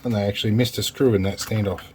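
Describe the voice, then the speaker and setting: A man's voice: lowish voice, fairly even intonation, fast, noisy background. A man with an Australian accent hosting a repair video, chatting casually and thinking aloud as he takes apart and solders a keyboard, with some self-deprecating humour. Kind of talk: casual workbench narration.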